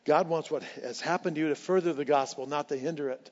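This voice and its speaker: Pastor guy preaching hard, kinda high voice, repeats stuff for emphasis, long church echo, muffled sound. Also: quick pace, a little mellow. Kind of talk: sermon. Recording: dull sound with long hall reverb.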